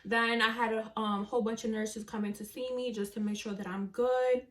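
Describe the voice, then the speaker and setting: Young woman, casual storyteller, slightly higher voice, chatty and frank. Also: level tone, normal speed, a bit bright, far from the mic. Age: young adult. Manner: chatty, lots of "like" and swearing, talks to viewers as friends. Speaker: vlogger.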